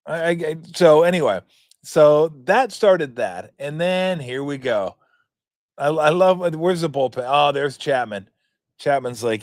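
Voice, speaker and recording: A man's voice: medium pitch, moderate pace, dry recording, clean studio sound. Rambling, profane man in his fifties. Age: 50s. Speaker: sports talk show host. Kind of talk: casual sports commentary.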